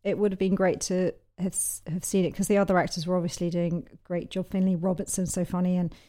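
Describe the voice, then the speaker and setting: A woman's voice: on the low side, level tone, fast, mellow. A woman comedy writer, a podcast guest, chatting casually with trailing restarts.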